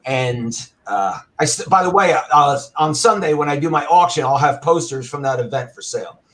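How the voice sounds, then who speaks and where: Animated storytelling man, bellowing at times. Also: on the high side, normal speed. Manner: loud, bellowing when acting out his anger. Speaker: arcade owner and guest.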